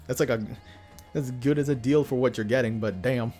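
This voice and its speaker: A young man chats through his game stream in loose slang, cracking jokes and laughing between lines. His voice sits at an everyday pitch, and faint music plays underneath. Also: a little fast, dark tone. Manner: joking, laughs often, slangy. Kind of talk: casual gaming commentary.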